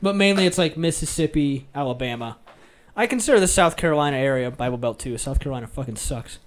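A man's voice: mid-range voice, animated, fast talker. A young man from Iowa chatting casually, blunt and opinionated, swearing freely. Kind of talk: casual chat.

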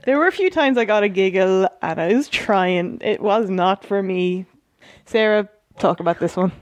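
A woman co-hosts a casual wrestling chat at a middle pitch. She sounds wry and self-deprecating and speaks her opinions bluntly. The recording is dry and close. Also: moderate pace, no echo. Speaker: podcast co-host.

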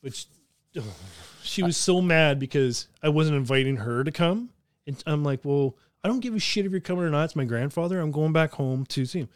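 A man's voice: a little high, fairly quick, no room sound, clean studio sound. Swearing, laughing man telling stories. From southern Ontario, Canada. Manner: profane, laughing, animated storyteller. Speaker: podcast host. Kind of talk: casual storytelling.

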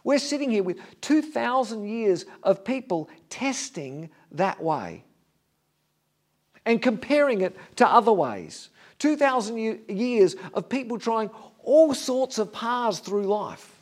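A male pastor preaching an earnest sermon, dropping to a hush on key lines. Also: high voice, very animated, takes it slowly. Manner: standing before a congregation.

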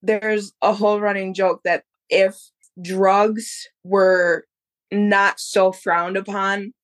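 A woman in her thirties chats as a podcast guest, spinning a story with animated energy. Her voice sits at an ordinary middle pitch, and her delivery is loose and conversational. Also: takes it slowly. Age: 30s. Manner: animated, acts out others' voices in quotes. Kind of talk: casual storytelling.

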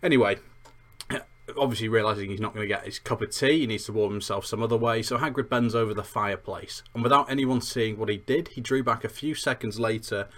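A man hosting a podcast, reviewing a book chapter in a rambling, self-deprecating chatty way. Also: mid-range voice. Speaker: podcast host. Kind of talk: chatty book review with read-aloud passages.

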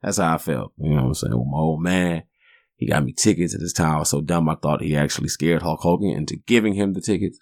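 A man's voice: extremely low pitch, fast talker, vocal fry, darkish tone, no echo, studio quality. A man in his forties hosting a podcast, telling rambling, profane stories in a laid-back way. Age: 40s. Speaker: podcast host. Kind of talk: casual storytelling monologue.

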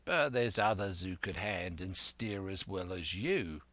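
Rough grumbling coxswain, growling, low and slow, done by a man. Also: lively intonation, sharp tone, no echo, exaggerated voice.

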